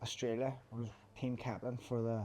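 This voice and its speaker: A man's voice: mid-range voice, level tone, a little fast, a little mellow. Sweary Northern Irish man telling stories. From Northern Ireland. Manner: sweary, storytelling. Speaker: podcast host. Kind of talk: casual chat.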